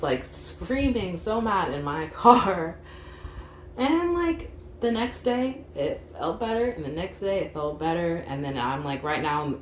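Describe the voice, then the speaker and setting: A young adult woman giving a casual tarot reading, chatty, full of "like" fillers. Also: low voice. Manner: chatty, frequent "like" fillers, laughs while talking. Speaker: tarot reader. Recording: echoey room with faint hum.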